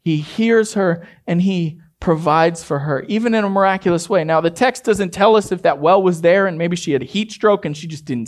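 A man preaching a sermon as a pastor, telling a story in a hushed, intimate way and rising to emphatic exhortation. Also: high-pitched, moderate pace, hardly any pauses.

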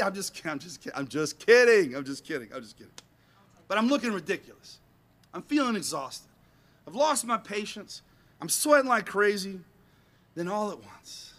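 A man telling an animated personal story to an audience in a rambling, self-mocking way, acting out bits of dialogue. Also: a little high.

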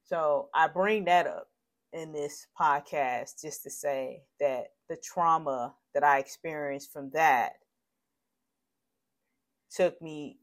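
Shaken podcast host telling a story. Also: mid-range voice. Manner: candid, rambling, shaken, grows heated and profane. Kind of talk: personal podcast monologue.

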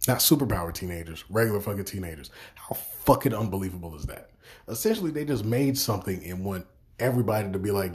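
A man's voice: on the low side, animated, quick pace, a little mellow, a little hiss or hum. A young man hosting a podcast, ranting in exasperation with heavy swearing and repeated words. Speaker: podcast host. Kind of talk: profane ranting review.

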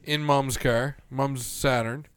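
A young man co-hosting a casual chat, telling loud, profane stories. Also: mid-range voice, fairly even intonation, takes it slowly, a little hiss or hum. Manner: swearing, loud storytelling. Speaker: podcast co-host.

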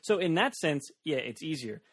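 A man's voice: a little high, very animated, moderate pace, creaky, crowd noise. A man co-hosting a podcast, explaining things steadily from his own experience. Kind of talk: casual chat.

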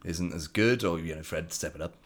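A man's voice: sits low, a little fast. A man co-hosting a casual podcast, teasing his partner with dry, short remarks. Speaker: podcast co-host. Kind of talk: casual chat. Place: indoors, in-person podcast recording.

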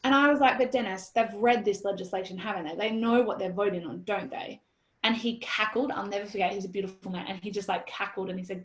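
An Australian woman in her thirties telling a story in an interview, animated and blunt, quoting herself and swearing freely. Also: mid-range voice, fast. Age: 30s. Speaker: guest. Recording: roomy echoey sound.

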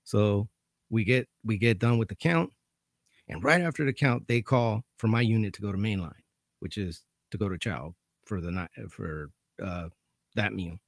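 A man's voice: lowish voice, normal speed, no echo, clean studio sound. A man telling a story about his work as a corrections officer in a casual, profane, dryly amused way.

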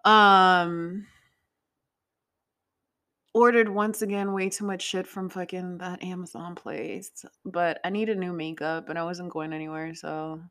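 A woman's voice: on the low side, fairly even intonation, a little slow, fairly bright tone. A woman hosting a podcast, chatting casually in a rambling way, swearing freely and laughing often. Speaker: podcast host. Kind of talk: casual chat.

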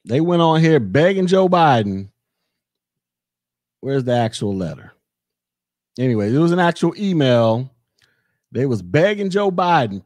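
This is a man hosting a commentary podcast, talking straight to his listeners. His voice sits somewhat high and moves up and down a lot. The sarcasm is heavy, and the sound is close and dry, with no room around it. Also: unhurried, long pauses, no echo. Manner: sarcastic, animated, addresses listeners as y'all. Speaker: podcast host.

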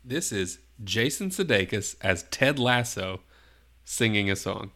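A man's voice: lowish voice, animated, unhurried, pushed and bright. Teasing male quiz host. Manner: teasing, gives hints, chuckles. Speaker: podcast host running a guessing game. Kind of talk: casual chat.

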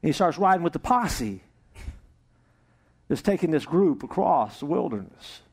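This male pastor's voice is fairly high and husky, and he speaks at a normal speed. Preaching to a congregation at a church service, he tells a joke through animated storytelling, acting out the voices.

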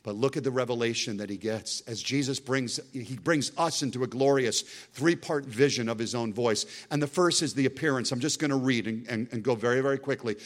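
A male guest preacher delivering a sermon with real fervor. His voice sits at an ordinary middle pitch, but he swings between loud, emphatic bursts and hushed, intense passages. He slows right down whenever he reads scripture aloud. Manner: quotes scripture in a slowed, dramatic read.

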